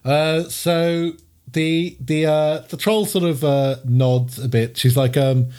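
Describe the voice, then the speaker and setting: A man narrating as game master, halting with many fillers. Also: on the high side, fairly even intonation, a little mellow. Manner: halting, many ums and uhs, giggly.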